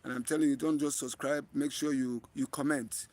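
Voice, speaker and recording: A man's voice: medium pitch, steady tone, normal speed, a little mellow. A man with a Nigerian accent hosting a live stream outdoors, talking earnestly to viewers and often repeating and restarting his phrases. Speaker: livestream host. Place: outdoors in bright sun.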